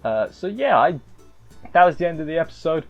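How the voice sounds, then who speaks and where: A man's voice: a little high, sing-song, fairly quick, creaky, muffled recording, faint music behind. Rambling man reviewing an anime episode. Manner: rambling, restarting, with wry asides. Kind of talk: casual episode review chat.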